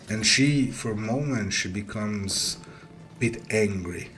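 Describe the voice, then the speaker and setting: A man narrating as game master of a tabletop game, with a halting delivery that often repeats words as he describes the scene. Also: fairly low pitch, fairly bright tone, soft background music, rough recording.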